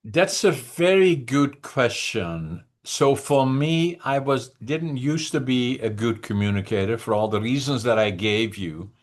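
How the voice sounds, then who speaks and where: Older Dutch-accented man, deliberate. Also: mid-range voice, animated. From northeastern Netherlands. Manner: deliberate, halting, with restarts and slowdowns. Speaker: guest. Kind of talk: interview conversation.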